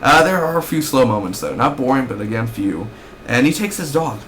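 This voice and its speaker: A man's voice: medium pitch, expressive, fairly quick, fairly bright tone, slight background noise. Rambling young man ranting about TV. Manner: rambling, ranting, with frequent fillers. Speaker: TV episode reviewer. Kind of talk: casual recap and review.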